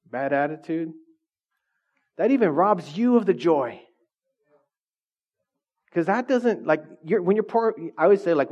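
A man preaching a conversational sermon, animated and chatty, often laughing and asking the congregation questions. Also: high voice, highs cut off. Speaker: pastor.

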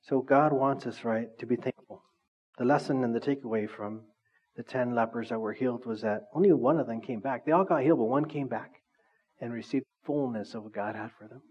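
A male pastor preaching a conversational sermon, animated and full of asides to the congregation. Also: medium pitch, fairly quick, husky, dull audio.

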